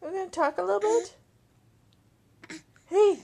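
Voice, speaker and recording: Mother, baby talk: very high and slow, playful, coaxing, laughing, handheld camcorder at home. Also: vocal fry, mellow. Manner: playful sing-song coaxing with frequent laughter.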